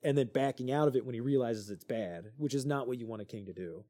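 Man with a mellow voice, telling myths casually. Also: medium pitch, quick pace. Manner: animated retelling with lots of fillers and crude jokes. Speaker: podcast co-host. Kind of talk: casual storytelling chat.

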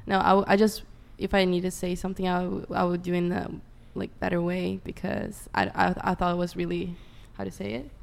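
A woman's voice: lowish voice, level tone, fairly quick, creaky, few pauses, darkish tone, big-room sound. A woman on a casual panel who searches for words as she speaks. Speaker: panel guest.

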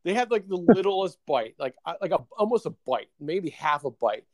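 A man's voice: on the high side, sing-song, moderate pace, a little mellow, no echo. A man co-hosting a podcast, telling a long story in casual chat, full of fillers and laughs. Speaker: podcast co-host.

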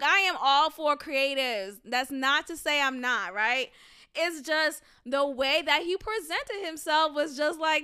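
A woman hosting a solo commentary podcast, talking in an animated, sassy way with mocking rhetorical questions and frequent laughter. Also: high-pitched, measured pace. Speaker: podcast host.

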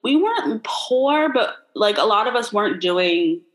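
Young woman, casual chat, blunt, swears a lot, lively storyteller, mid-pitched voice. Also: a little slow, rough recording.

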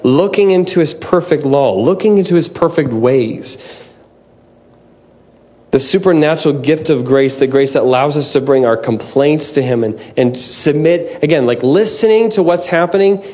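A man's voice: on the high side, moderate pace, darkish tone. A man preaching a conversational sermon in an earnest way, often restarting his sentences and dropping in "man" and "like.".

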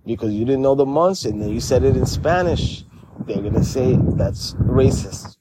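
Rambling, animated joking man. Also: normal speed, background noise. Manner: animated, jumps into shrill mock voices, laughs, curses. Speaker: vlogger.

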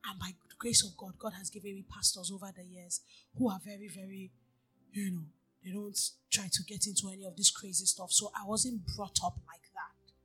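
Woman preacher, sermon, husky voice, storytelling, hushed then loud, soft music behind. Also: medium pitch, steady tone, fairly quick. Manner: storytelling, shifts from near-whisper to loud exhortation.

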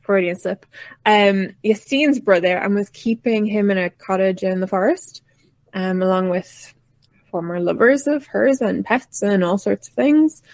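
A woman's voice: medium pitch, darkish tone, dry recording. A woman takes her turn in a tabletop role-playing game, her speech hesitant and apologetic with frequent restarts. The sound is dry and close, with no room around it. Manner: nervous, apologetic, halting in character. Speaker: player.

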